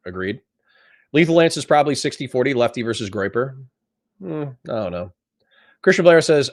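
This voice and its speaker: A man's voice: mid-range voice, sing-song, moderate pace, long pauses. A man hosting a livestream, reading out chat messages and answering them in a blunt, profane, conversational way. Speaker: livestream host.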